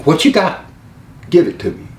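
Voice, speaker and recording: A man's voice: a little high, huge pitch swings, normal speed, darkish tone, a little hiss or hum, voice pushed up. A man doing an impression of a laid-back male wrestling booker who drawls and calls everyone "baby". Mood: curious. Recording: roomy and a little distant.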